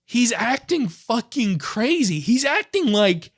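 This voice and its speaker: A man co-hosting a podcast, excitedly retelling a movie in casual chat, laughing often. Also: very high-pitched, slow, slightly rough. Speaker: podcast co-host. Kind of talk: casual film review chat.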